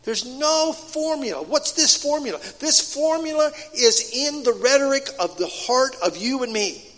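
High-voiced preacher in a reverberant hall. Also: male voice, expressive, normal speed. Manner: swings between hushed, low asides and loud, emphatic declarations. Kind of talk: sermon.

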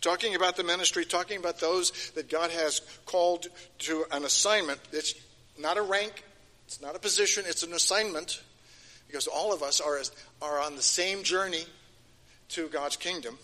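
A man's voice: fairly high pitch, moderate pace, pushed and bright. An older man giving a sermon, emphatic and repeating key phrases, his voice rising and falling. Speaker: preacher. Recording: long hall reverb.

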